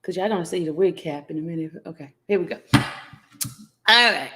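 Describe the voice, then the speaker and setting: In a fairly low voice with a sharp tone and lively intonation, a woman hosts a casual livestream at a moderate pace. She greets each viewer by name in a playful way, laughing frequently as she teases the audience.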